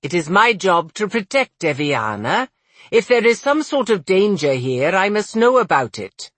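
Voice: mid-range voice, sing-song, unhurried, a bit bright, dry recording, pitched above the performer's own voice. A narrator voicing a determined young noblewoman guardian who questions insistently.

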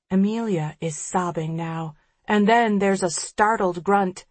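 A woman reading an audiobook in the first person, measured and tense. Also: mid-range voice, no room sound. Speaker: audiobook narrator.

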